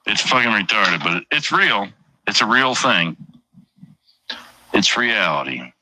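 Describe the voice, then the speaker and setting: A man's voice: on the low side, sing-song, slow pace, bright, forceful tone, no echo. A middle-aged man hosting a livestream, rambling and swearing casually while reading out chat names. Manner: profane, rambling, reads chat aloud. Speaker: livestream host.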